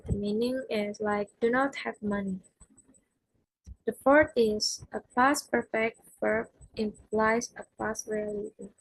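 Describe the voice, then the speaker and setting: A young woman, a native Indonesian speaker, slowly reading her grammar lesson notes aloud with frequent "uh" fillers. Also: a little high, fairly even intonation, slightly rough, no room sound, rough recording. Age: young adult. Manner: slow and careful, with frequent "uh" fillers. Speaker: student presenting an exam review.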